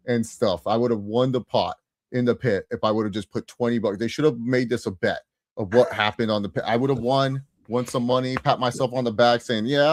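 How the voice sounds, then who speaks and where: A man's voice: medium pitch, no echo, studio quality. A man co-hosting a podcast, chatting casually about a TV episode with an enthusiastic, self-congratulating manner. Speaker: podcast co-host. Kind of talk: casual TV episode recap chat.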